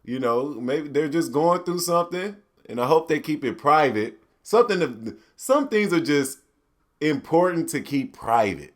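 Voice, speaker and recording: A man hosting a podcast, ranting casually in a profane, animated way and slipping into mock quotes. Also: a little high, a little slow. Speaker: podcast host. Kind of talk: solo ranting commentary.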